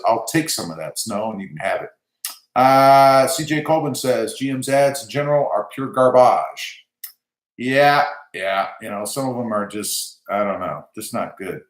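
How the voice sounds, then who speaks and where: A man's voice: mid-range voice, reverberant. A man with a Southern American accent hosting a casual live stream, chatting loosely and reading viewer comments aloud with lots of filler words. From South Texas. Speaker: channel host reading live chat.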